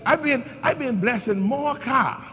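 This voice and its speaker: A man's voice: very high-pitched, measured pace, sharp tone. A male pastor preaching a sermon, leading his congregation in call-and-response. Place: church sanctuary. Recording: long reverb in a church hall, faint background noise.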